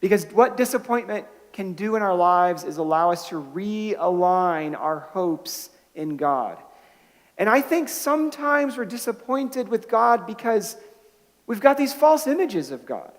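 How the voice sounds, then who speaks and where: A man's voice: high-pitched, very animated, measured pace. A man preaching a sermon as pastor, telling stories in a conversational way with restarts and rising to emphatic bursts on key points. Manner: conversational storytelling with frequent restarts. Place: church sanctuary. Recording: long hall reverb.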